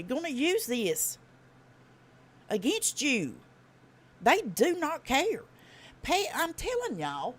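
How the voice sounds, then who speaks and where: Southern woman host with a Tennessee accent; blunt and profane, quick, animated delivery. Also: fairly high pitch. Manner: blunt, profane, folksy drawl; fast talker. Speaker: livestream host. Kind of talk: casual live-stream commentary.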